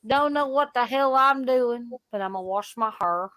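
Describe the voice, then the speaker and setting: A woman's voice: a little high, fairly bright tone, no room sound. A woman from Tennessee, hosting a casual late-night stream chat, bubbly and laughing often. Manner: bubbly, laughs a lot, drawn-out words. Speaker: live stream host.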